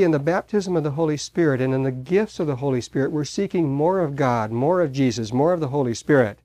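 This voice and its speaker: A man preaching a sermon, telling stories in a halting way with many pauses and fillers. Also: fairly high pitch, dark tone, dry recording. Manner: halting storyteller, frequent uh fillers.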